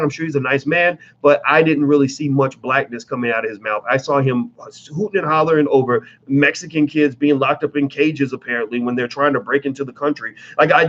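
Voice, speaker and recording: A man's voice: on the high side, fairly bright tone, highs cut off. Blunt, profane man ranting on camera. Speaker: commentator. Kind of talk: casual commentary vlog.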